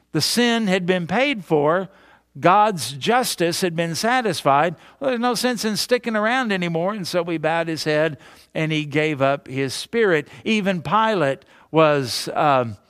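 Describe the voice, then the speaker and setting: Man, pastor, sermon, emphatic repetition, rhetorical questions, somewhat high voice, dry recording. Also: no room sound.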